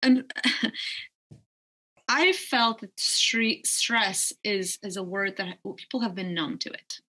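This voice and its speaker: A woman with a bright, clear voice talks as a psychologist guest on a podcast. She explains her views in a measured, careful way, qualifying her points as she goes. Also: mid-range voice. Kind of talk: casual interview conversation.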